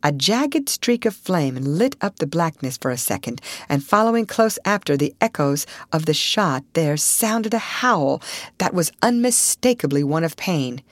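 A woman reading a classic adventure novel aloud as an audiobook narrator, measured and expressive. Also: sits low, no echo.

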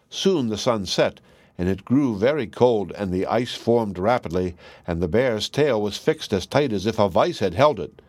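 A man narrating a fairy tale in a steady, measured reading. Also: on the low side, dry recording. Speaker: storyteller.

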